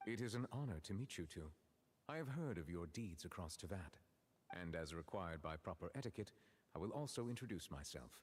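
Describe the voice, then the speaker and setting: A man voicing a dignified chief justice who speaks in a formal, measured, courteous way. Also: low-pitched, lively intonation, slight background noise.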